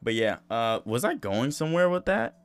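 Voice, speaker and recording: A man's voice: medium pitch, very animated, normal speed, clean tone, no echo. A man hosting a podcast in casual chat, swearing freely and repeating himself as he rambles. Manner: profane, rambling, repeats phrases. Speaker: podcast host.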